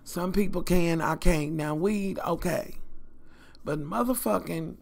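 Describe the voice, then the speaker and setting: A middle-aged woman, telling her viewers a storytime vlog in an animated, profane, chatty way. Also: lowish voice, unhurried, vocal fry. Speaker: vlogger.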